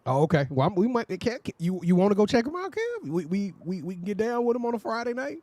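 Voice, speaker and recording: A man from Texas co-hosting a sports talk show, hyping up local athletes in a casual, energetic way. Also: sits high, quick pace, no echo. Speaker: sports podcast co-host. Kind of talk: casual chat.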